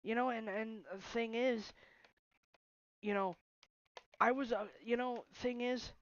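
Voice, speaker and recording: A young man venting at home in an emotional vlog rant, frustrated and halting, often restarting his sentences. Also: very high-pitched, steady tone, dull audio. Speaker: vlogger. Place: bedroom at home.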